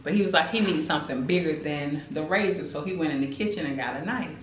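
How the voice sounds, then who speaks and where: A woman's voice: low-pitched, fast, roomy sound, slight background noise, low-quality recording. Chatty woman telling a story. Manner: animated, chatty, dramatic retelling. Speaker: mukbang host. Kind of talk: casual storytelling while eating.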